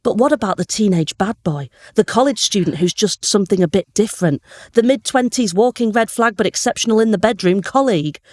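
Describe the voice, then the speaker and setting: A woman comedian reading aloud her own comic story, telling it with lively energy and bursts of laughter. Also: medium pitch, brisk, few pauses, no echo, studio quality.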